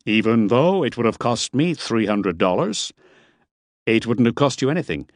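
A man's voice: medium pitch, very animated, normal speed, no echo, studio quality, voice pushed up. A man playing a hired driver and guide who talks respectfully and a little indignantly while hiding his nerves. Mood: respectful indignation. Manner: respectful, indignant, a bit defensive.

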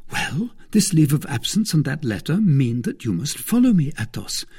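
A man's voice: a little high, very animated, moderate pace, darkish tone, breathy edge, pitched above the performer's own voice, heavily acted. A man voicing a confident young male guardsman who speaks in a commanding, assured way.

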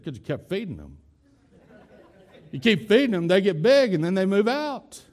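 A man's voice: high voice, sing-song, moderate pace, a little mellow. A man preaching a sermon as pastor, emphatic, repeating key phrases and speaking straight to his congregation. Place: church hall with a congregation.

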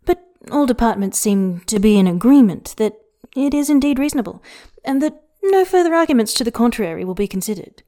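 A woman narrating a fanfiction story aloud in an intimate, soft and often whispery way. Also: on the high side, animated, fairly quick, few pauses. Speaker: podfic reader.

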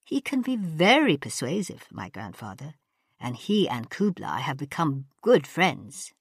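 A woman voicing a brisk, efficient young companion in a brusque manner. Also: low-pitched, very animated, creaky, husky, no room sound, studio quality, full character voice. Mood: persuasive.

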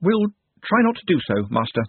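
A man's voice: a little high, very animated, normal speed, breathy edge, no echo, pitched above the performer's own voice, full character voice. A man voicing a humble, mild young male apprentice who keeps saying sir. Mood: meek. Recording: tinny phone-like dry sound.

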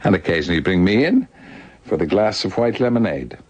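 Lively low-voiced older Irish man. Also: fast, dry recording. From Ireland. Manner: lively storyteller, laughing often, doing little voices. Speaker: guest author. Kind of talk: radio conversation.

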